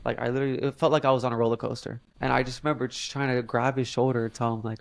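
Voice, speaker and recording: Young man with a gravelly voice. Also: mid-range voice, level tone, racing, few pauses, no room sound. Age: young adult. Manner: earnest, frequent "like" fillers. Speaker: podcast guest. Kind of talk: casual storytelling.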